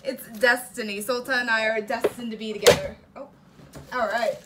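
A young woman hosting a reaction video, chatting casually as she unboxes merch, gasping and squealing with excitement. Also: fairly high pitch, normal speed, heavy background noise.

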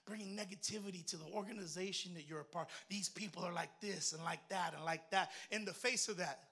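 Preach it as a woman minister, bright and forceful, moving from shouts down to a soft, low storytelling voice. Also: fairly quick, breathy edge. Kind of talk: sermon.

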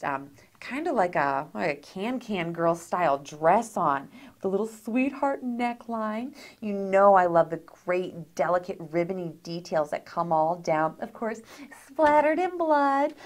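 A woman hosting a doll review, talking excitedly and gushing over each detail with gasps of delight. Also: mid-range voice. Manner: gushing, gasping with delight, chatty. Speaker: host of a doll review channel.

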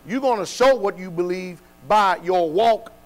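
A man preaching a sermon, dropping to quiet, low passages and then building to loud, shouted exhortation. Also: unhurried, soft background music, rough recording.

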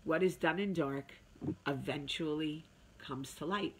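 A woman's voice: low-pitched, measured pace, slight background noise. Chatty woman talking to her viewers. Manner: chatty, emphatic, with sung asides. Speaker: vlog host. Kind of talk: casual motivational talk to viewers.

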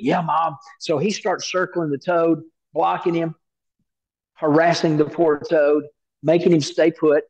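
A man preaching a storytelling sermon, his voice a touch higher than most men's. He brings the story to life by acting out the voices he quotes. The recording sounds dull and lo-fi. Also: measured pace. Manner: animated storyteller who acts out quoted voices. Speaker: pastor.

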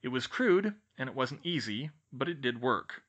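Lively male audiobook narrator. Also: moderate pace, slightly rough. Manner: steady storytelling, lively pitch. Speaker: audiobook reader. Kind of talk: fan fiction audiobook narration.

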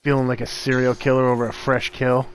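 A man's voice: mid-range voice, flat delivery, fast, slight background noise, poor audio. A young man who makes a gaming channel, chatting casually with friends while they play, joking and laughing often. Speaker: channel creator and gamer.

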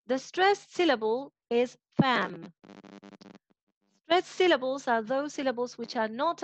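Poor audio with no room sound carries her voice, which is on the high side. With an Argentine Spanish accent from her native tongue, she teaches phonetics online patiently, regularly pausing to ask her students "right?".

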